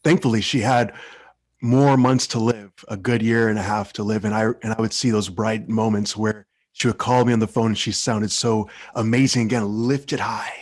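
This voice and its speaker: Young male speaker, low gravelly voice, dry sound, heartfelt and earnest tribute speech. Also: darkish tone, no room sound. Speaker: Toastmasters speaker.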